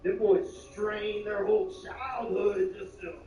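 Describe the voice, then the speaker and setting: A man telling a stand-up story with lots of energy. He swings from hushed asides to loud bursts and uses slang and swearing. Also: sits high, slow. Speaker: stand-up comedian. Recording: roomy, distant, muffled, with clear background noise.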